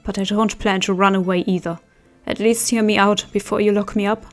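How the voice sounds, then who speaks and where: A woman voicing a young man accused of murder, who speaks low and earnestly to an angry crowd. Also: fairly even intonation, a little fast, soft background music, close to an everyday voice. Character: young man falsely accused, calm and pleading.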